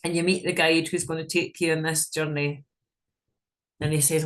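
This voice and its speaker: A woman's voice: low voice, flat delivery, normal speed, long pauses. A woman leading a guided visualization in a frank, casual way, swearing freely as she talks. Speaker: meditation guide.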